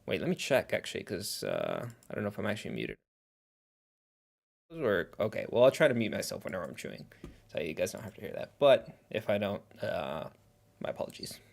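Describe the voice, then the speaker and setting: A man's voice: lowish voice, wildly swooping pitch, fairly quick, gravelly. A man hosting a casual livestream reaction who rambles in a chatty way and talks while eating.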